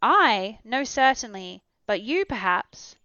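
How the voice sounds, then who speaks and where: An eager young explorer speaks up with earnest exclamations, voiced by a woman reading the story. He is curious and keen, and his voice is smooth. The sound is dry and somewhat muffled. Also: on the high side, very animated, slow pace, pushed and bright, dry recording, exaggerated voice. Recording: dull, dry recording.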